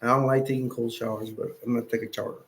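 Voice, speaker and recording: A man's voice: medium pitch, flat delivery, very fast, a little hiss or hum. A man hosting a casual livestream chat, rambling and restarting his phrases as he goes. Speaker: livestream host.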